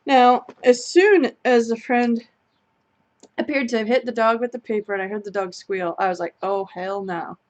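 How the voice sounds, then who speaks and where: Animated young woman telling a story. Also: fairly high pitch, moderate pace. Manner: animated, laughs through her story. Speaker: co-host of a live chat stream. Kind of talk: casual storytelling chat.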